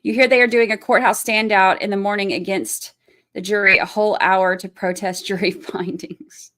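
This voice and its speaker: Stream host, female, 30s, middle pitch; blunt, fired-up casual commentary with cursing and chat replies. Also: steady tone, normal speed, fairly bright tone. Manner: blunt, swears freely, ranting; reads chat names aloud and answers them. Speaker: true crime livestream host.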